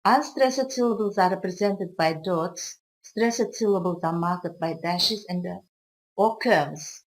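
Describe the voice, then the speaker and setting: A woman with a Kazakh accent, a college English teacher whose first language is Kazakh, explaining intonation slowly and carefully in a recorded video lesson. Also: on the low side, low-quality recording. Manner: slow, careful explanatory delivery with occasional restarts.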